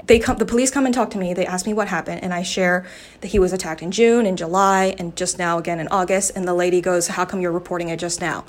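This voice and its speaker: A woman's voice: lowish voice, fairly even intonation, fast talker. Agitated woman telling an angry story. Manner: agitated, swearing, quoting others in raised voice. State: shaken and upset. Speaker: podcast host.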